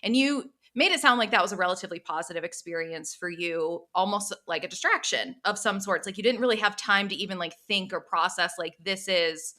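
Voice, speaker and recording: A woman's voice: medium pitch, brisk, hardly any pauses, bright, forceful tone. A woman co-hosting a podcast, asking long, hedging questions full of fillers. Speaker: podcast co-host. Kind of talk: casual interview questions.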